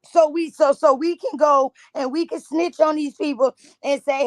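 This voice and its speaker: A woman's voice: sits high, moderate pace, hardly any pauses, no echo. Heated woman ranting. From Jacksonville, Florida. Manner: heated, blunt, profane. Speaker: vlogger reacting to news. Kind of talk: profane reaction rant.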